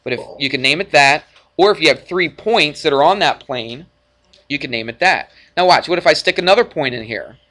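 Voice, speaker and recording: A male math teacher lecturing a class in a classroom, energetic and jokey, often checking in with the students. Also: on the high side, fairly quick. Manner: energetic, jokey, asks frequent check-in questions.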